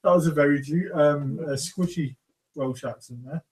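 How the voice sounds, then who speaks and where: A man's voice: a little high, moderate pace, a little mellow, low-quality recording. A man reacting with short interjections in a casual chat.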